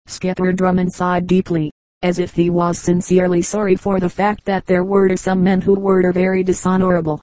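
Woman reading an audiobook, low flat mellow voice, dry close sound. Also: moderate pace, dry recording, poor audio. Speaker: audiobook reader. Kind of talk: scripted narration.

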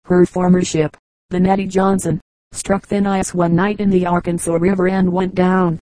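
A woman reading a travel memoir aloud in a steady, measured audiobook style. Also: on the low side, no echo, low-quality recording. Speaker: audiobook narrator.

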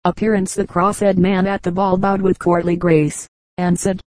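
Measured woman reading funny anecdotes. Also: on the low side, dry recording, rough recording. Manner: even, measured storytelling. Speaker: audiobook reader. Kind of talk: audiobook narration of humorous anecdotes.

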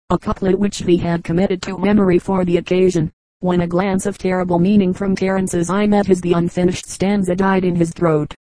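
A woman reading a story aloud in steady, measured scripted narration, with a close microphone. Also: lowish voice, dry recording, low-quality recording. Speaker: audiobook reader.

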